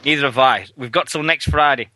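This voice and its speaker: A man's voice: medium pitch, brisk, no echo. A man co-hosting a radio show, chatting casually and swearing a lot. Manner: rowdy, animated, acts out loud mocking voices in quotes.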